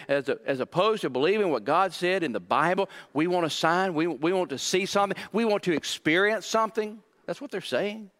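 A man's voice: high-pitched, lively intonation, brisk, few pauses, a bit bright. Man preaching a sermon with sweeping emphasis. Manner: preaching with rising and falling emphasis, acting out quoted voices. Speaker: pastor.

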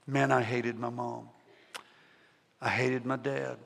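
A man in his seventies preaching a personal testimony sermon, telling his story emphatically with dramatic pauses. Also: medium pitch, flat delivery, gravelly, fairly bright tone. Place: large church sanctuary. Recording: long reverb of a large hall.

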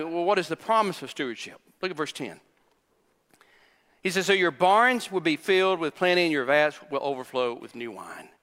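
With a sharp tone and a voice on the high side, a man in his sixties preaches forcefully from a church sanctuary, echoing his own phrases and questioning the congregation as long hall reverb rings around him.

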